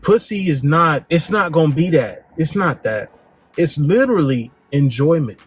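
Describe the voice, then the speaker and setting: A man hosting a dating advice talk, speaking bluntly in slang and swinging his pitch up and down for emphasis. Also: animated, moderate pace, soft background music. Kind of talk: casual direct-to-camera monologue.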